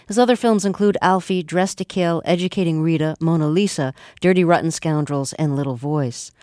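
A radio interviewer reading a scripted introduction and asking questions in a measured, read-aloud way. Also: mid-range voice, a little mellow, no room sound, studio quality.

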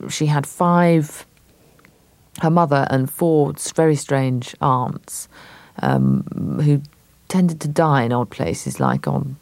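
An English actress as a radio interview guest, telling stories thoughtfully with many hesitations. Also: female voice, low-pitched, vocal fry, a little mellow, no echo.

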